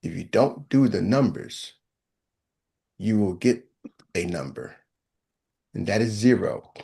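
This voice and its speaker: Older coach with chant-like exhortations. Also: male voice, lowish voice, takes it slowly, creaky, dark tone. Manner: punchy, chant-like repeated exhortations. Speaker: sales coach. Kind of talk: motivational coaching talk.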